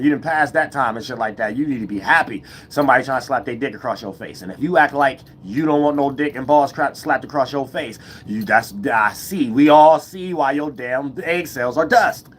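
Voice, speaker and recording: A man giving a rambling, profane, unscripted monologue, full of restarts and the repeated tag "you know what I'm saying", with sudden jumps up in pitch and loudness. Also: slight background noise. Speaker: vlogger.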